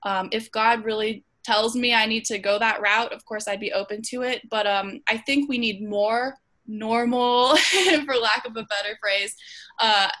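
A woman leads a group discussion over a video call. Her voice is bright and forward, and her speech is earnest, dotted with ums and small restarts. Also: on the high side, unhurried. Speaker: host of an online Bible study.

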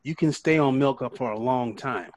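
A man taking part in an online Bible study over a video call, sharing a quick point in an offhand way. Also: mid-range voice, dull audio. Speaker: study group participant. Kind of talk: casual group discussion.

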